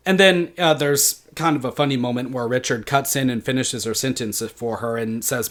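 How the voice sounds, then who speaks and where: A man giving a recorded literature lecture, explaining in a steady way with many "uh" fillers. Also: mid-range voice, moderate pace, hardly any pauses.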